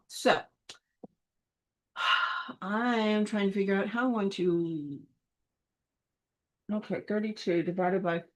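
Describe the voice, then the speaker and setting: Slow-talking woman thinking aloud. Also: medium pitch, poor audio. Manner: mumbles half-finished counts to herself. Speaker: film event organizer. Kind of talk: thinking aloud while working.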